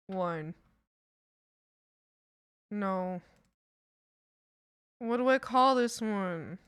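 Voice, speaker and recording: A woman streamer chatting casually with her viewers while she works, muttering to herself and bursting into loud laughing exclamations. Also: mid-range voice, clear, resonant tone. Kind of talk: casual livestream chat while working.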